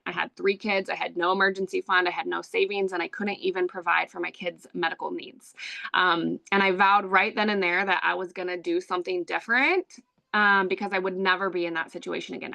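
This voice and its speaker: A woman's voice: medium pitch, vocal fry, pushed and bright. A woman in her thirties telling a candid personal story to an audience, chatty and filled with "um" and "like". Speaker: online business presenter.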